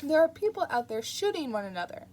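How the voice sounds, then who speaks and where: Give me a woman playing a snappish, sarcastic male demon from a storybook, pitched up and forceful. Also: sing-song, slight background noise. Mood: exasperated. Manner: quick, irritable and sly.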